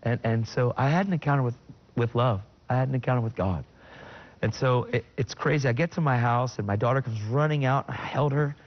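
A middle-aged man tells his personal faith testimony with earnest emotion. He sits at an ordinary pitch for a man, but his voice leaps high in sudden bursts when he quotes his own words. The recording is a little dull and lo-fi. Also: brisk. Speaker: guest sharing his testimony.

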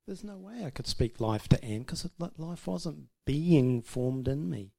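A man's voice: fairly high pitch, expressive, a little slow, gravelly, warm tone. Man giving a chatty church talk. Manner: chatty, self-deprecating, laughing often. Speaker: speaker sharing about marriage. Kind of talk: informal testimony to a church audience.

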